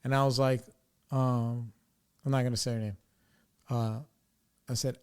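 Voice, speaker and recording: Man telling a heated story, smooth voice. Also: mid-range voice, unhurried, long pauses. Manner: animated, profane, quotes others in his own voice. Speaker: podcast host. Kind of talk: casual storytelling.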